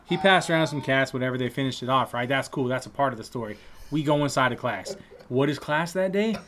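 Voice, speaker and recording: Male storyteller, mid pitch, casual and profane, animated delivery that plays out other people's lines. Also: fast, slight background noise. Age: adult trade-school student.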